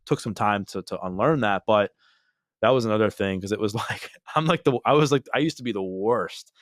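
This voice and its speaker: A man's voice: fairly low pitch, fairly quick, no echo, studio quality. A man hosting a podcast, talking in an earnest, emphatic, casual interview style. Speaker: podcast host.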